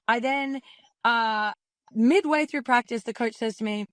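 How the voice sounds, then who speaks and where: A woman's voice: fairly high pitch, measured pace, no echo. Chatty young Australian woman, dry sound. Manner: chatty, peppered with "like", acts out quotes. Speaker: professional basketball player guest. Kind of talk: casual anecdotal storytelling.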